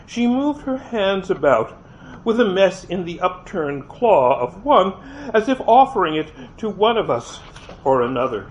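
A man reading a first-person novel aloud, expressive, with occasional slips and restarts, on a dull lo-fi recording with faint hiss. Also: fairly high pitch, a little slow. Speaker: reader.

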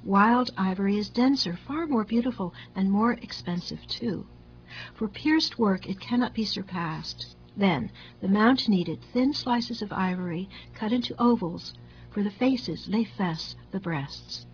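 A woman narrating a literary story in a measured, wry and deliberate way. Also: medium pitch, lively intonation, dull audio, a little hiss or hum.

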